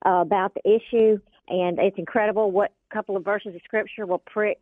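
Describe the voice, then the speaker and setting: A woman's voice: mid-range voice, steady tone, a little fast, no room sound. A woman calling in to a radio show, earnestly retelling something she heard at church. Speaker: caller. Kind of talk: phone-in call. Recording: phone line.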